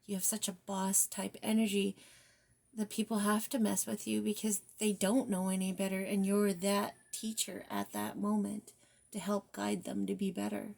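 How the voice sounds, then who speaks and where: Soft-spoken woman with a gravelly fry. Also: mid-range voice, level tone, moderate pace. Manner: soft, reflective, drifts into near-whispers; casual, with mild swearing. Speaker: tarot reader. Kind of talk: spiritual guidance reading.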